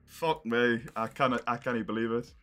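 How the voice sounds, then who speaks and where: A man's voice: mid-range voice, fairly quick, a bit bright, faint music behind. A young man reacting on a live stream, exasperated and swearing as he thinks aloud.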